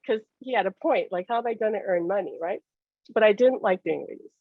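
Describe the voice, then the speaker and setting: Speaking fairly quickly in a mid-range voice, a psychic medium guest shares personal stories with animation, frequent laughter, and acted-out dialogue. The audio has no echo but sounds narrow and tinny.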